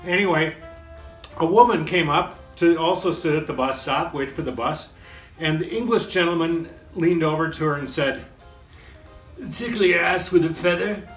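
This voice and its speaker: Folksy male host, rambling and self-deprecating; slightly high voice, roomy echo, soft guitar behind. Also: normal speed. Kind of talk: casual joke-telling chat. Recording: echoey room with faint guitar.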